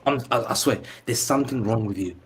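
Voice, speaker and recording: A man's voice: mid-range voice, quick pace, slight background noise. A man on a football panel, mocking his rivals with repetitive taunts in heated banter.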